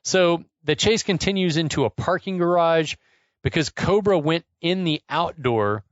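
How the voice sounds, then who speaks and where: A man's voice: a little high, a little slow, no room sound, dull audio. A man co-hosting a podcast, animatedly recapping an action movie's chase scene in casual chat, swearing and incredulous. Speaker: podcast co-host.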